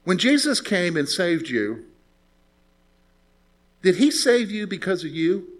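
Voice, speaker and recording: A man's voice: sits high, very animated, slow. A male pastor preaching a conversational sermon, asking the congregation rhetorical questions and telling stories.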